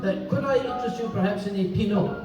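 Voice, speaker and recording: A man's voice: sits high, fast, recorded from a distance, natural voice. A man voicing a polite but haughty French wine waiter with a put-on French accent, in an echoey hall with music behind. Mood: apologetic.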